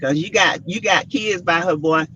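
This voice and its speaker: A woman's voice: lowish voice, normal speed, a bit bright. A woman giving her opinions in a casual gossip chat, with sassy asides. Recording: dull, muffled sound.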